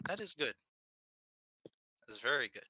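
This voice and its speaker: Wry male player with a bright voice. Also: medium pitch, very animated, unhurried, breathy edge, dry recording. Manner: wry, suspicious. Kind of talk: casual tabletop play.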